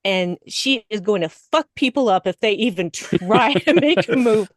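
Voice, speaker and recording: A woman guest on a podcast, talking emotionally and laughing often, her voice climbing high when excited. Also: moderate pace, no echo. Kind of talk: casual podcast discussion.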